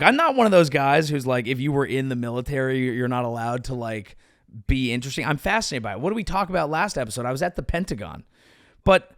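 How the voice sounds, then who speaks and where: A male comedian hosting his show, riffing sarcastically in a rambling, animated way with sudden pitch jumps. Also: no echo, clean studio sound. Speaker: comedian podcast host. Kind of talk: casual comedic commentary.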